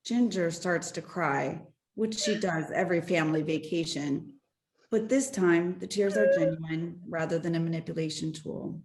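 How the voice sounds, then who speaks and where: A woman narrating the stage directions of an amateur radio play in a plain, even manner. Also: on the low side, normal speed.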